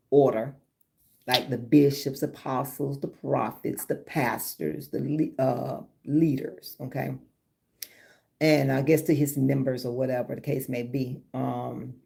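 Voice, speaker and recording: Her deep, creaky voice carries easy chatter with live viewers as she tells animated stories. This livestream host laughs often and speaks with a Southern drawl.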